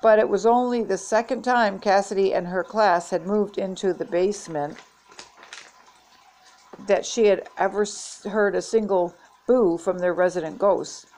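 An older woman reading a children's chapter book aloud in a steady, gentle read-aloud manner. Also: mid-range voice, unhurried, rough recording. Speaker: storybook reader.

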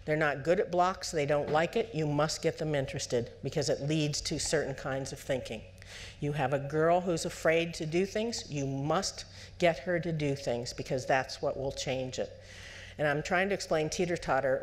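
Lively woman psychologist lecturing parents. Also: sits low, normal speed. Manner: lively, acts out what parents and children say; asks the audience direct questions. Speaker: psychologist speaking at a parenting conference.

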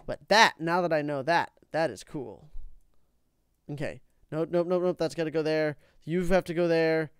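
A young man hosting a let's play video, talking through his game with excitable, melodramatic outbursts of frustration. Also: fairly high pitch, normal speed, clear, resonant tone, no room sound, studio quality. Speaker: gaming video host. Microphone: own microphone, said.

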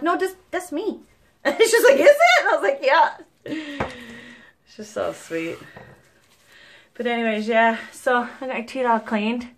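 A woman's voice: on the high side, fairly bright tone. A young woman from Newfoundland with a thick Newfoundland accent, chatting casually to camera as a mother. She rambles through stories, swears freely and breaks into laughter often. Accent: Newfoundland English. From Newfoundland, Canada. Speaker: vlogger, mother. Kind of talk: casual chatty vlog monologue.

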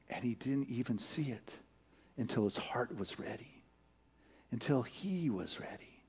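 A man's voice: mid-range voice, expressive, a little slow, breathy edge. A man giving a sermon in a church, retelling a story with casual fillers and building emphatic repetitions. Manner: casual, filler-heavy delivery with chuckles. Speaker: spiritual leader. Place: church sanctuary.

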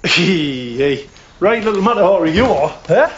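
An actor playing a blunt, boastful working-class builder with a Geordie accent, in a television drama. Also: male voice, high voice, animated, unhurried, dull audio, a little hiss or hum.

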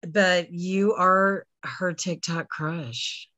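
A woman's voice: on the low side, drawn-out words, a bit bright, lo-fi sound. A woman co-hosting a podcast, playfully reading out viewer comments. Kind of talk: casual podcast chat.

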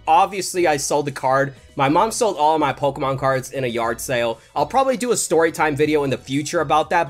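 Hyped young guy, voice jumping around. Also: fairly high pitch. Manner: hyped, slangy, shouts and laughs in bursts. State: voice cracking. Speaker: YouTuber opening card packs. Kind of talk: excited unboxing vlog.

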